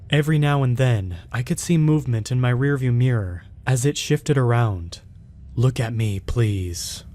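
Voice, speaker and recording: Man narrating a horror story, measured. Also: medium pitch, a little mellow. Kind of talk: scripted first-person horror narration.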